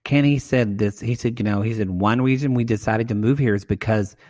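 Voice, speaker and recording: A man's voice: lowish voice, fairly quick, a little mellow. A man, co-hosting a podcast in a rambling, chatty way, addressing listeners as y'all. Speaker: podcast co-host. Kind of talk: casual chat recapping reality TV.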